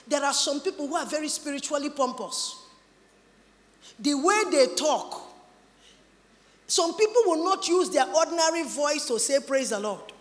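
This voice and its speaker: Woman preaching, high voice, emphatic, long hall echo. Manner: emphatic, animated, mimics others' voices. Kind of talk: sermon.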